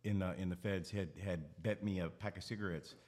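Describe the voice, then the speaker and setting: A man's voice: sits low, fairly even intonation, fairly quick, darkish tone. A man telling his own stories as a guest on a casual podcast. He rambles, restarts with repeated words and laughs his way through, blunt and profane. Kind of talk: casual podcast chat, storytelling.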